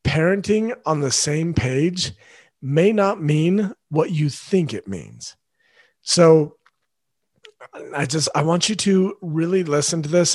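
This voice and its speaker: A man's voice: fairly high pitch, dry recording. A man hosting a parenting podcast alone, talking earnestly and directly to his listeners. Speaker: father. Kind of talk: solo podcast monologue.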